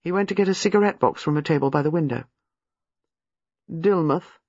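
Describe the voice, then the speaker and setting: A man narrating a novel in an expressive, lively reading. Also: fairly high pitch, rapid-fire, creaky, breathy edge, no room sound. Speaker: audiobook narrator. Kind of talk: scripted narration. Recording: slightly muffled, dry.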